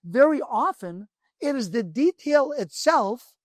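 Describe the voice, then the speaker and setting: Animated man telling a teaching parable. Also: sits high, normal speed, no room sound. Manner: animated storyteller, emphatic and conversational. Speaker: rabbi teaching. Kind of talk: storytelling Torah class.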